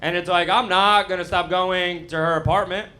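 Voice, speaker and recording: A man's voice: high voice, steady tone, moderate pace, pushed and bright, slight background noise. Young man with a lisp doing stand-up. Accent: American. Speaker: stand-up comedian. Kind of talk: stand-up set. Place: comedy club stage. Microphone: handheld stage mic. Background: audience laughter.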